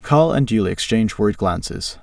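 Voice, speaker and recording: Gravelly low-voiced man reading a story. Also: lively intonation, normal speed, darkish tone, dry recording, clean studio sound, far from the mic. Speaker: narrator. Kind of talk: reading a generated adventure story aloud.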